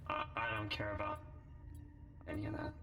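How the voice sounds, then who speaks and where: A man playing a character in an online roleplay, talking in a lively, exasperated way. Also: lowish voice, moderate pace, gravelly. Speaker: roleplay player. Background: music.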